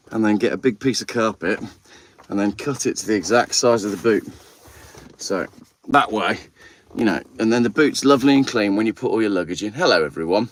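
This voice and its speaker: A man chats on a phone livestream while he cleans his car outside. He rambles in a relaxed, friendly way, greets viewers as he works, and sits at a middling pitch. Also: slight background noise. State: a little out of breath. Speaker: channel host. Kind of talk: casual livestream chat.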